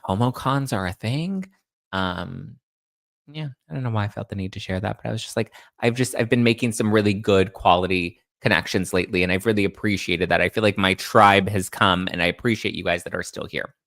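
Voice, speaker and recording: A man's voice: sits low, fairly even intonation, fairly quick, creaky, a bit bright, no echo, clean studio sound. A man hosting a casual livestream, chatting and answering viewer comments aloud. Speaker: host. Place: Los Angeles.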